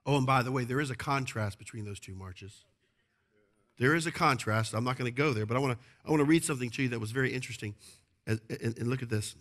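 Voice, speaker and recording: A man's voice: medium pitch, fast talker, a bit bright. A male pastor preaching a sermon, emphatic and repetitive, often asking the congregation to agree.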